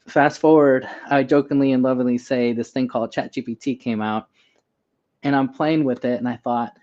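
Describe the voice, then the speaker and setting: A man's voice: medium pitch, normal speed. A man, an emergency doctor, telling personal stories as a guest in a casual interview and acting out the dialogue. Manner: animated storyteller, acts out quoted dialogue. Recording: slightly dull lo-fi sound.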